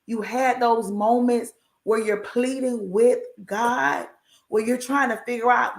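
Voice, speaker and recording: A woman's voice: on the high side, steady tone, slow pace, roomy sound. A woman giving an encouraging faith talk on a livestream, emphatic and repetitive, with a preacher-like cadence and folksy asides. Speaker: inspirational speaker.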